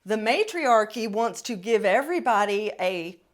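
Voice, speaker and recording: A middle-aged woman hosting a podcast, telling a personal story in a blunt, profane, animated way. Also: mid-range voice, moderate pace. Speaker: podcast host. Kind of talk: casual storytelling monologue.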